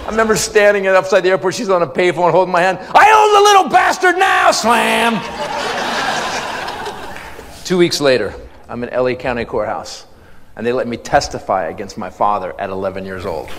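A man doing a stand-up comedy set, telling a story to a live audience with loud shouted bits and swinging pitch when he acts out other people. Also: expressive, quick pace. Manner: shouted act-outs, swinging pitch for comic voices. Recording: live club recording, loud crowd and room noise, long reverb. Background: audience laughter.

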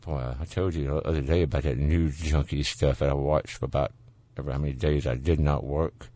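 Southern male radio host, very low voice, folksy, dry close sound. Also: steady tone, fairly quick, dark tone, dry recording. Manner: folksy, chatty, laughs easily. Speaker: radio call-in show host. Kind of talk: casual call-in radio chat.

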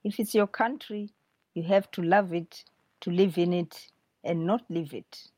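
Woman reading angry girl scolding her friend, low voice, dry. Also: unhurried, dark tone, no echo. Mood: accusing. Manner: accusing, reading aloud. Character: fierce young African girl scolding her emigrant friend.

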